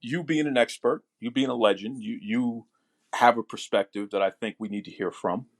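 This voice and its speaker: A man's voice: mid-range voice, moderate pace. A man hosting a wrestling podcast, talking eagerly as a fan and often restarting his words. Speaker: podcast host. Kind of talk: casual podcast chat.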